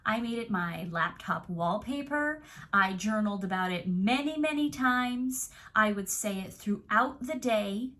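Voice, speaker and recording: A woman's voice: medium pitch, animated, a little slow, fairly bright tone. A young adult woman coach giving an earnest, reflective self-help talk straight to the viewer. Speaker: manifestation coach.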